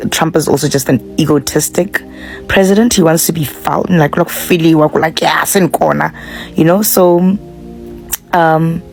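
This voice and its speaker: A man's voice: a little high, a little mellow, low-quality recording. A man giving casual political commentary, chatty and full of fillers.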